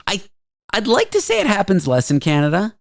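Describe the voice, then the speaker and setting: A man's voice: sits high, wildly swooping pitch, brisk, creaky, no echo, studio quality. A man hosting a radio show in casual chat, easygoing and hesitant, often repeating words.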